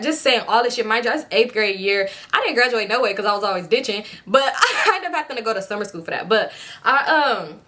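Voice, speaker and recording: Young woman, bright, slightly high voice, casual animated storytime, frequent cursing. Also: fast talker. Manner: animated, profane, acts out quotes. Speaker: storytime vlogger.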